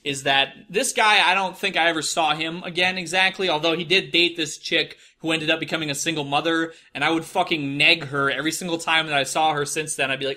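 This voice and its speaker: A man's voice: a little high, steady tone, brisk, hardly any pauses, pushed and bright. A young man with a Midwestern American accent telling stories in a casual, profane, rambling monologue, often mocking people in put-on voices. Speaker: podcast host.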